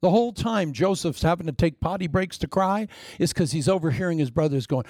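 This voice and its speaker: A man preaching a sermon, telling stories with lively swings from shouts down to hushed whispers. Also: on the high side, a little fast, vocal fry, husky, no room sound, clean studio sound.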